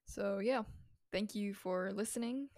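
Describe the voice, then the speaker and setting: A woman's voice: medium pitch, a little slow, a little mellow, no echo, studio quality. A young woman hosting a casual podcast, chatty and giggly with informal slang. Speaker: podcast host.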